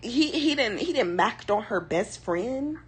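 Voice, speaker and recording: A young woman rambles through sassy, slang-filled commentary in casual chat. Her voice is breathy and husky, with no clean edge. Her pitch sits a bit high and leaps around expressively. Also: animated, unhurried. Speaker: streamer.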